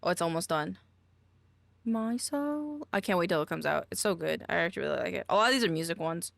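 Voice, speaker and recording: A woman's voice: fairly low pitch, animated, a little fast, vocal fry, fairly bright tone, dry recording. A woman streamer chatting casually, goofy and exclamatory, often swearing and trailing off mid-sentence. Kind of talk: casual live-stream chat.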